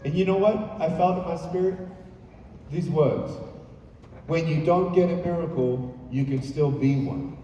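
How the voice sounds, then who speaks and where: A man giving an animated motivational speech from a stage, telling stories with playful asides to the crowd. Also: on the high side, a little slow, dull audio, slight background noise. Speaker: motivational speaker. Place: large hall on stage. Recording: echoey hall from far off.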